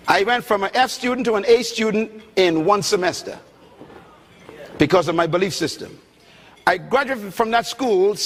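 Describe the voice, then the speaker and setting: High, bright-voiced preacher in a big hall. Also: male voice. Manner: emphatic, dramatic swings between loud and soft. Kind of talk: sermon. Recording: long hall reverb.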